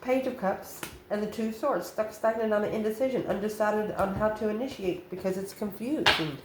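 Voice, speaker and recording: A woman's voice: medium pitch, normal speed. Chatty woman reading tarot cards. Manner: chatty, calls listener honey, laughs between cards. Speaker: tarot reader. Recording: roomy echo, faint ambient noise.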